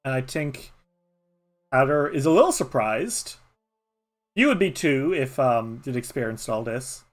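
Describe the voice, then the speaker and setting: A man's voice: mid-range voice, animated, unhurried. A man with an Irish accent narrating a solo tabletop game as a streamer, in a loose, rambling way full of fillers. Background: music.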